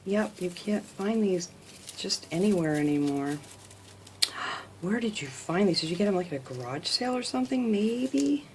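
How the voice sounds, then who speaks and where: Craft vlogger lady, gasps and gushes over her mail, slips into soft whispers, faint hiss behind. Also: mid-range voice, expressive, moderate pace. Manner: gushing, gasps often, drops to soft whispers. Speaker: craft channel host. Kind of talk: casual unboxing chat.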